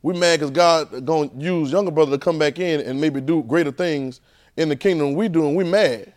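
Preaching to a class at a church training center, this man has a voice on the high side and speaks at a normal speed. His delivery is animated and repetitive, packed with rhetorical questions.

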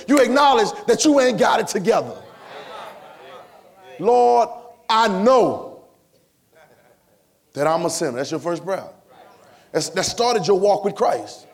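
Male preacher, high voice, repeats lines, builds to shouts, church sermon. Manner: call-and-response preaching, repeating phrases, rising to shouts. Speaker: pastor. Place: church sanctuary.

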